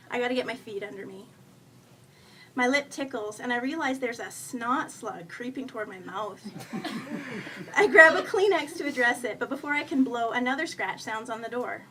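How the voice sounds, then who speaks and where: A woman's voice: on the high side, sharp tone. A woman in her thirties reading her own humorous first-person story aloud at a live event, with a wry, self-mocking delivery. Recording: faint noise, voice a bit far from the mic.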